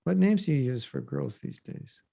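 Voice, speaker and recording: A man hosting a podcast, teaching scripture in a casual, animated way and acting out quoted voices. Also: a little high, normal speed, creaky, slightly rough, dry recording.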